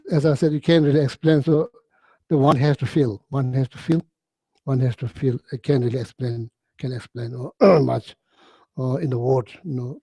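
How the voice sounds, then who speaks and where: Halting man with a husky mellow voice. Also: medium pitch, dry recording, low-quality recording. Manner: halting, repeats phrases, frequent throat clearing, non-native English. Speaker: Buddhist teacher. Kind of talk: informal dharma talk.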